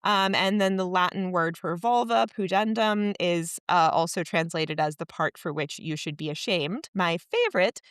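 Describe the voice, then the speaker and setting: A woman's voice: lowish voice, smooth, no echo. Chatty woman podcast co-host, dry sound. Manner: chatty, animated, quick asides. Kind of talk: casual book club chat.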